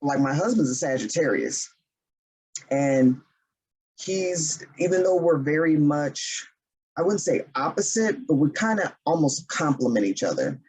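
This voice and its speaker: Woman podcast cohost, kinda husky, laid back and candid, just chatting. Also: deep voice, lively intonation, unhurried, a little mellow, low-quality recording. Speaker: podcast co-host. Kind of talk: casual chat.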